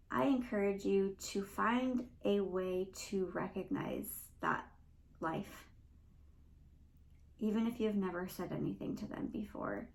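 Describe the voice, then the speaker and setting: A woman's voice: medium pitch, vocal fry, darkish tone, poor audio. A young woman hosting a podcast, talking earnestly and emotionally in a rambling personal monologue. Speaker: podcast host.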